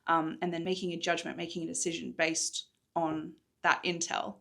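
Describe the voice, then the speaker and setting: A woman's voice: fairly low pitch, flat delivery, normal speed, gravelly, a bit bright. A woman, an author enthusiastically recapping and reading from her own book, recorded in a hotel room. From Australia. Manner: enthusiastic, chatty, with laughs. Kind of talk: chatty readalong recap mixed with book reading.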